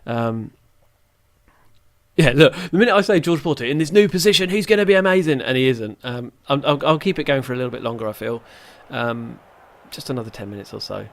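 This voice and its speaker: Animated and fairly quick, a man with a mid-range voice delivers chatty let's-play commentary as a gaming YouTuber. He rambles casually, reacts out loud to the match, and makes himself the butt of his jokes.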